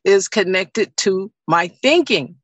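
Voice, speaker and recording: A woman on a group video call, talking about her own growth in a reflective, measured way. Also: mid-range voice, lively intonation, no echo, highs cut off. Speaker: call participant. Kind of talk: casual group chat.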